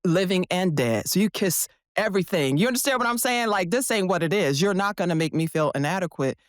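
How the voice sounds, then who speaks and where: A woman's voice: lowish voice, brisk, no echo, clean studio sound. A woman therapist speaking as a podcast guest, passionate and emphatic, often asking rhetorical questions. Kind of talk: casual podcast conversation.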